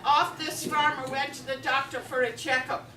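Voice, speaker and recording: A woman's voice: sits high, steady tone, normal speed, a crowd in the background. A woman from Ireland with an Irish accent, telling jokes at a live event with chatty asides to the audience. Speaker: comedian. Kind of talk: live stand-up joke telling. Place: live event in a veterans home hall. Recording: roomy hall from far off.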